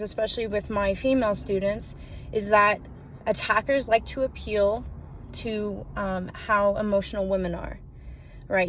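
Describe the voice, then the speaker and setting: A woman's voice: medium pitch, a bit bright, slight background noise. A woman self-defense instructor casually telling a cautionary story to camera in an earnest, chatty way with many fillers.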